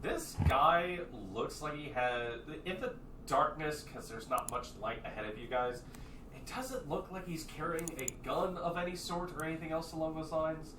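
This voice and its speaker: A man's voice: fairly high pitch, moderate pace. A man narrating a tabletop game as game master, in a casual way with frequent fillers. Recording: roomy room, distant mic, faint noise.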